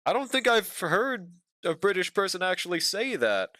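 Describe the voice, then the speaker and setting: A man's voice: sits high, sing-song, normal speed, bright, forceful tone, no room sound, studio quality. A young man streaming as he draws, chatting casually with viewers and swearing freely. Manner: laid-back, swears often, talks to chat. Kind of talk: casual stream chat while drawing.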